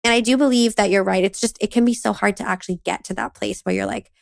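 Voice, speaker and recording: A woman in her thirties co-hosting a parenting podcast, telling a lively story about her morning and acting out her son's lines. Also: mid-range voice, quick pace, creaky, no echo, studio quality. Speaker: podcast co-host. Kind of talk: casual conversational podcast chat.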